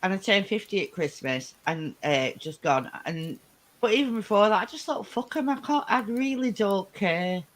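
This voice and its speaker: A woman's voice: mid-range voice, animated, normal speed. A woman in her fifties with a Lancashire accent, chatting as a livestream guest, laughing often and swearing freely. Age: 50s. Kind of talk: casual chat.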